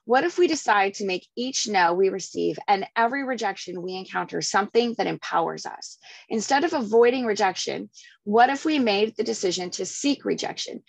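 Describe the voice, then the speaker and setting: A woman real estate team leader coaching her agents, telling stories with lively acted-out quotes. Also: mid-range voice, gravelly, dry recording, poor audio. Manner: energetic storyteller, acts out voices. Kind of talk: coaching class, reading and storytelling.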